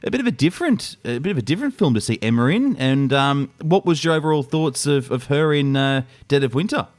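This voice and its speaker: A man's voice: medium pitch, animated, fairly quick. A man hosting a film podcast, chatting casually, laughing often and rambling. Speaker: podcast host.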